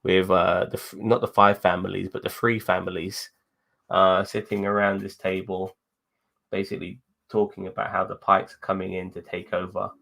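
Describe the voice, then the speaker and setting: A man's voice: low-pitched, little pitch movement, normal speed, gravelly, a bit bright. A man co-hosting a show, chatting casually in a rambling way, with lots of swearing and laughter. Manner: profane, rambling, laughs while talking. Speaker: podcast co-host. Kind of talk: casual chat.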